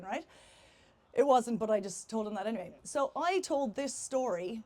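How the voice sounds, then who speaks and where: A young woman with an Irish accent tells a funny personal story to a live audience. Her voice sits a little high, and she talks in a chatty, self-mocking way, often breaking into laughter. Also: lively intonation, moderate pace, a little mellow. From Ireland.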